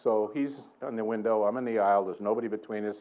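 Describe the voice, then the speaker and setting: A man's voice: lowish voice, steady tone, fast, phone-quality sound. Laughing storyteller man preaching in church. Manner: chuckling, playful, self-mocking storyteller. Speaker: guest preacher. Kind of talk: storytelling sermon. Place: church sanctuary.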